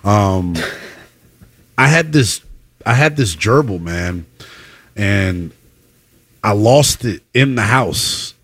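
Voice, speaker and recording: Lively playful man, dry close sound. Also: fairly low pitch, very slow, long pauses, breathy edge, dry recording. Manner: playful, laughs easily, rambling anecdotes. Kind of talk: casual chat.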